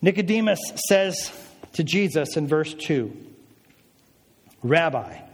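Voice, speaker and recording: A male pastor preaches in a lively, chatty manner, often turning to his listeners with quick questions. His voice sits a little high for a man. A long reverb from a large hall hangs on his words. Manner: lively, conversational, asks the audience. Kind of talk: sermon.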